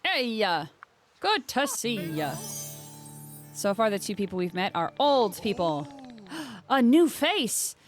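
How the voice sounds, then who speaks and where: A woman's voice: medium pitch, sing-song, unhurried, long pauses, soft background music. A woman hosting a gaming channel, giving playful let's-play commentary with giggly, jokey asides.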